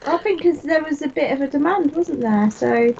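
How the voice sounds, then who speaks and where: High-voiced giggly woman. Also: lively intonation, moderate pace, creaky, a little mellow. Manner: playful, hesitant, giggly. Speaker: co-host. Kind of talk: casual chat during a live watch-along. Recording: muffled lo-fi audio.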